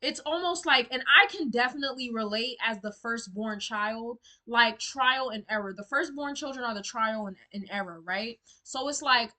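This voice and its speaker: A woman's voice: a little high, normal speed, few pauses, bright, forceful tone. A young woman giving a tarot reading to camera in casual, blunt, outspoken talk. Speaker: tarot reader.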